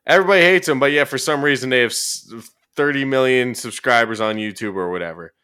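A man's voice: medium pitch, fast, clean tone. A man hosting a podcast and chatting casually, telling stories loosely with plenty of swearing and sudden bursts of emphasis. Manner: loose and profane, animated storytelling with bursts of emphasis. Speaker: podcast host and commentary YouTuber.

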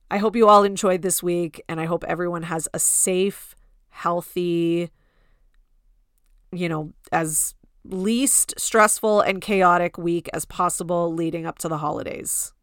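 Chatty woman podcast host, low voice. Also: fairly even intonation, unhurried, fairly bright tone, dry recording, studio quality. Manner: chatty, lots of "like" fillers, mocking quotes. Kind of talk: casual gossip chat.

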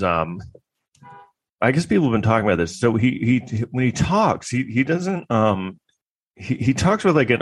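Low-voiced man, crude rambling sarcasm. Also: breathy edge, no room sound. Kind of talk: comedic monologue.

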